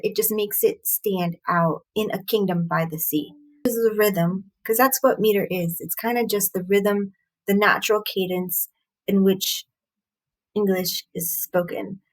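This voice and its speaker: A woman reviewing a poem, explaining its meter in a halting, thoughtful way with frequent pauses and fillers. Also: mid-range voice, low-quality recording. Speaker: poetry reviewer. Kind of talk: explaining poetry analysis.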